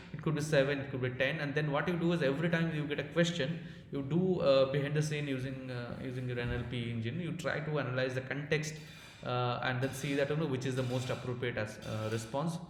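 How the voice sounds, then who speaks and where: A man with an Indian accent giving a technical conference talk, halting, with many fillers and restarts. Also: medium pitch. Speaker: conference speaker. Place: conference hall. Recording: echoey hall with faint noise.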